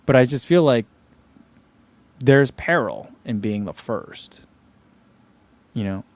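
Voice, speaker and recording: A man's voice: mid-range voice, animated, takes it slowly, no room sound. A man hosting a running channel, chatting casually on a livestream and answering viewer comments, rambling with lots of "like" and "you know.".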